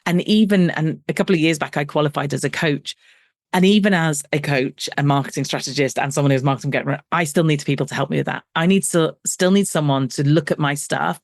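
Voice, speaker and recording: Her voice sits low and moves fairly quickly, in a studio-quality recording without echo. She's a middle-aged business coach on as a guest, telling her story in an animated, conversational way, acting out dialogue and making fun of herself.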